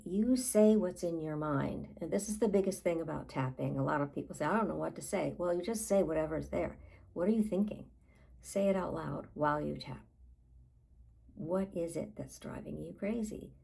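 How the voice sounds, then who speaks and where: A woman life coach guiding a tapping session, talking in a calm, unhurried way and pausing between phrases. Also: lowish voice, vocal fry, slightly rough, rough recording.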